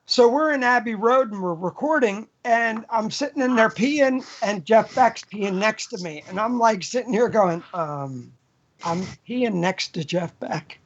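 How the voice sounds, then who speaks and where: Joking co-host on lo-fi call audio. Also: male voice, sits high, animated, moderate pace, hardly any pauses. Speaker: podcast co-host. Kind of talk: casual chat.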